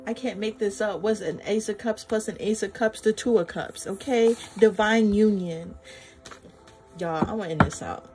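An excitable woman reads tarot cards for her followers in an easy, chatty flow, often swearing and saying y'all. She sits at a middle pitch, and clear music plays under her voice throughout. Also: brisk, few pauses. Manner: effusive, swears freely, addresses viewers as y'all. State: flustered and emotional. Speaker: tarot reader. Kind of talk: casual tarot reading vlog.

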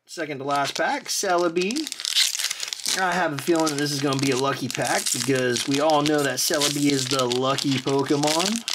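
A host excitedly opening trading card packs on camera, chatting casually, often exclaiming and apologizing, and drifting into rambling asides. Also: mid-range voice, normal speed, very noisy. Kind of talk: casual pack-opening commentary.

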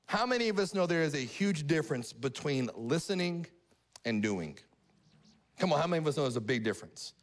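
A middle-aged male pastor preaching a live sermon in church, animated and often asking the congregation questions. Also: fairly high pitch, fairly quick. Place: church sanctuary.

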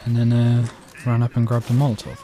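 A British man giving gameplay commentary, chatting to himself with quiet mutters and sudden outbursts. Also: mid-range voice, completely flat delivery, brisk, a little hiss or hum. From Britain. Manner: chatty, jumps between mutters and sudden exclamations. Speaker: let's play gamer.

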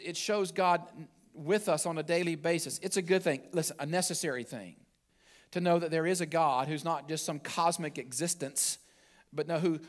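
A male pastor preaching a sermon in a church, talking casually to the congregation and often restarting his phrases. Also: a little high. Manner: conversational preaching with repeated restarts. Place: church sanctuary.

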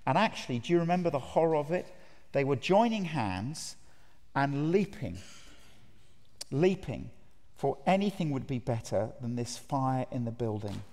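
Preaching at a conference in a large, reverberant hall, a man speaks at a moderate pace in a medium-pitched, darkish voice with lively intonation. He's earnest and emphatic, and he puts direct questions to the people listening.

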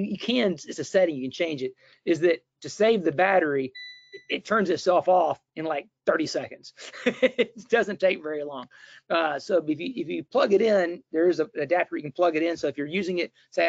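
A man's voice: fairly high pitch, no echo. A middle-aged man presenting a webinar, demonstrating a tool in a casual, chatty way with fillers and restarts. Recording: dull, dry, lo-fi webinar audio.

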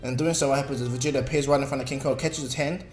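A man's voice: mid-range voice, fairly even intonation, racing, a little mellow. A man casually narrating a fan story in a rambling way, with filler words. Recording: echoey room, faint music.

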